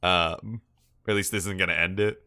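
A man's voice: low voice, steady tone, fairly quick, gravelly, bright, forceful tone. A man co-hosting a podcast, chatting casually about an anime episode, laughing often and swearing freely as he rambles. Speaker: podcast co-host.

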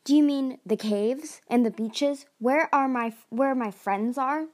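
A woman's voice: on the high side, expressive, normal speed. A woman reading aloud and voicing a determined, protective young female sea dragon who speaks insistently. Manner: insistent, urgent.

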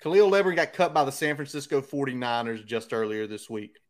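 A man's voice: medium pitch, expressive, fairly quick. An American man hosting a casual sports podcast, making brash, fired-up predictions. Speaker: podcast host.

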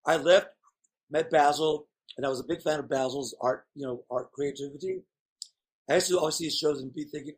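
A man's voice: fairly high pitch, brisk, breathy edge. A man chatting as a guest, telling rambling, candid stories in a playful way. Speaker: guest performer. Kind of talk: casual chat.

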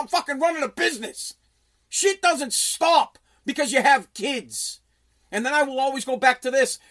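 A man's voice: very high-pitched, a bit bright. Profane, blunt man ranting. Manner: profane, aggressive, emphatic. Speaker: business owner and radio host. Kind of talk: blunt motivational rant.

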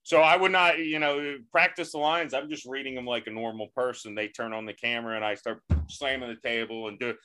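A male comedian guest on a podcast, rambling in a self-deprecating way with halting restarts. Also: medium pitch, steady tone, pushed and bright. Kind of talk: casual comedy podcast chat.

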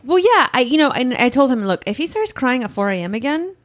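A woman in her thirties in casual chat, an animated storyteller who acts out quotes. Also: sits high, fairly quick. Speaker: podcast co-host.

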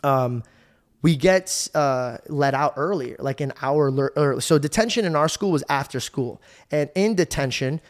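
Animated young man telling a story. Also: a little high, moderate pace. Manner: animated, swearing, says "bro" often. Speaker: podcast host. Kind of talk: casual podcast storytelling.

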